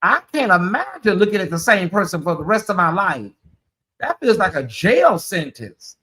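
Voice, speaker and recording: A man's voice: high-pitched, big pitch swings, moderate pace, sharp tone. A man hosting a casual livestream chat, sassy and chatty, calling his listeners honey and y'all. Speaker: channel host.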